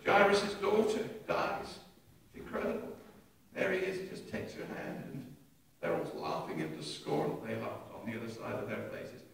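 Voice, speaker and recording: An older man, preaching a sermon with animated humour, recorded from a distant mic in an echoey church. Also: lowish voice, moderate pace, vocal fry. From England. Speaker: pastor. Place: church hall.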